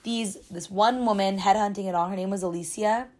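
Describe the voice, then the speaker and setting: A woman's voice: mid-range voice, fairly even intonation, brisk, darkish tone. Chatty young woman telling a dramatic story. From United States. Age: 20s. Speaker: podcast host. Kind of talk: casual storytime monologue.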